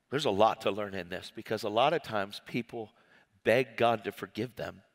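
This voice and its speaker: A man preaching a personal testimony sermon, telling his story in an animated, emotional way with many restarts. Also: on the low side, slow pace. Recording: long hall reverb.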